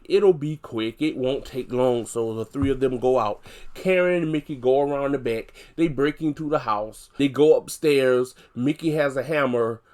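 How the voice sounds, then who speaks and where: A man casually recapping a TV episode, chatty and full of fillers, growing animated as he retells scenes. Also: medium pitch.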